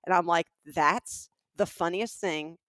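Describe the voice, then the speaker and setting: A woman's voice: fairly low pitch, slow, a bit bright, dry recording, clean studio sound. A middle-aged woman from Alabama co-hosting a casual comedic podcast, telling stories and asking emphatic rhetorical questions. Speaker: podcast co-host.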